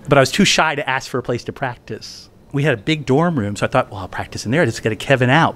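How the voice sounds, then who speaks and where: A man's voice: mid-range voice, fairly bright tone. A man telling a funny personal story at a live event, chatty and conversational, often asking "right?". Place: event venue indoors.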